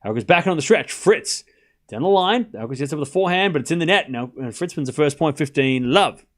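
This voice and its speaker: A man's voice: a little high, expressive, quick pace, a bit bright. A young man casually commentating a tennis match on a live stream, chatting with his viewers, cracking jokes and drifting off on tangents between points.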